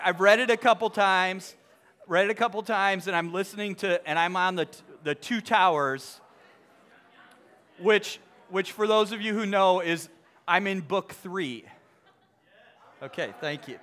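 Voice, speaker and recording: A young man speaking to a live audience, polling them with quick questions, full of halting restarts, then reading a book passage aloud. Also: sits high, animated, fairly bright tone. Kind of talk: lively talk to a crowd, reading aloud.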